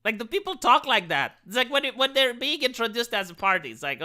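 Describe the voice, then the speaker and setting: A Romanian man reacts to something on a live stream with loose, casual commentary. His bright voice swings widely in pitch, very animated and fairly quick with hardly any pauses, as he stammers, restarts and leans on filler words.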